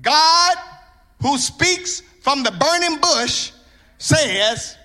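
A man from Mississippi, preaching a fervent sermon in a church that swells into sung whooping and shouts. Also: very high-pitched, expressive, very slow.

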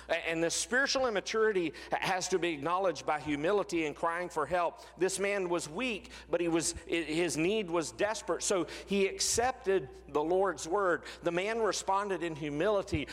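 A man preaching a sermon as pastor, earnest, slowing and dropping his voice on key phrases. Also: a little high. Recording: long reverb of a large hall.

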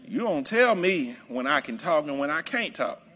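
A man's voice: on the high side, big pitch swings, moderate pace, a bit bright, voice pushed down. A man voicing a defiant grown man who refuses to be told when to talk, in indignant, slangy talk-back.

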